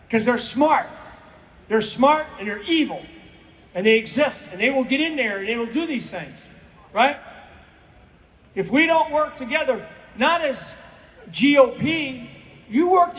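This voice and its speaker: A man's voice: very high voice, a bit bright. A man in his sixties giving an emphatic, repetitive rally speech from a stage, pleading with the crowd. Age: 60s. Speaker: guest speaker. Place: event stage.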